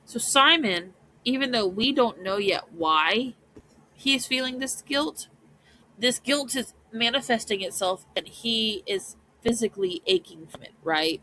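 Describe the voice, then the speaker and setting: A woman's voice: on the high side, expressive, unhurried, pushed and bright, a little hiss or hum, low-quality recording. A woman podcast host recapping a story in casual commentary, chatty and often checking in with "right?".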